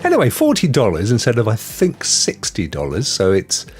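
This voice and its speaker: A man's voice: on the low side, huge pitch swings, moderate pace, faint music behind. Chatty man hosting a stream. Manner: chatty, rambling, greets viewers by name. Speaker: host. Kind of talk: casual livestream news chat.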